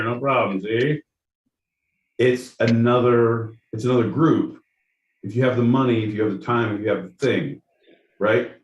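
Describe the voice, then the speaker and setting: A man's voice: mid-range voice, distant mic. A man co-hosting a podcast, talking in rowdy, profane riffs and bursts of mock voices. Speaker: podcast co-host. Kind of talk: casual chat. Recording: roomy sound from off-mic.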